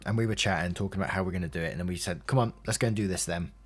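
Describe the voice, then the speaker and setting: A man's voice: low voice, racing, slightly rough. A man with an English accent, a YouTube narrator telling a personal story in a candid, emotional, rambling way full of fillers.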